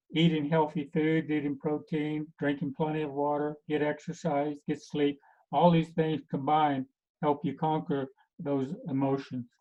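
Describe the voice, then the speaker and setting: Male health coach, casual group talk, fillers, pitched a bit high, phone-like audio. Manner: halting, many fillers. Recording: tinny phone-like recording.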